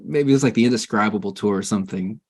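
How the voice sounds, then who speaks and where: A man's voice: fairly low pitch, racing, darkish tone, slightly rough. A man hosting a casual interview, asking friendly questions and chiming in with short agreements. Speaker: interview host.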